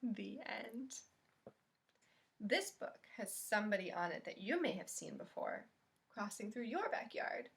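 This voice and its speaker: A woman reading a picture book aloud to children as a librarian, in an expressive, friendly storytime voice. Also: medium pitch, unhurried, gravelly.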